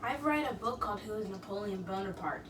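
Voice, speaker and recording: A young student in a home history lesson who chats casually and asks questions. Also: female voice, medium pitch, animated, fast talker, recorded from a distance. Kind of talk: casual chat. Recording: roomy, off-mic and noisy.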